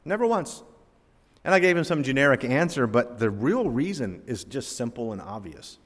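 A man delivers a sermon in an ordinary mid-range voice, mixing animated, self-deprecating anecdote with scripture. His words ring out with the long reverb of a large church hall. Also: medium pitch, normal speed. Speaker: preacher. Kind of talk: sermon with personal storytelling.

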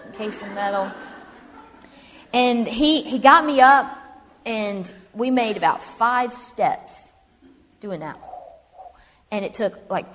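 Woman, humorous testimony speaker, mid pitch, reverberant hall. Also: a little hiss or hum. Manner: chatty, humorous, animated storytelling. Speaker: speaker telling her story. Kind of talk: personal testimony to a live audience.

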